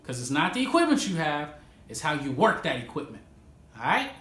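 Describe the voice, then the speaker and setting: A man's voice: a little high, very animated, a little fast, bright, forceful tone, slight background noise. A man, a music producer, giving casual, profane advice to fellow creators in a vlog, laughing often and stressing his points. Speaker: music producer and video host. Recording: roomy echo.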